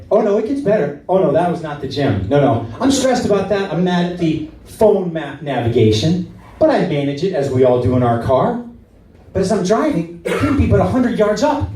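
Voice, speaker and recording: A man doing live stand-up with a high, mellow voice, full of animated shouting and asides to the crowd. He is picked up from a distance in an echoey room. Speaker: stand-up comedian.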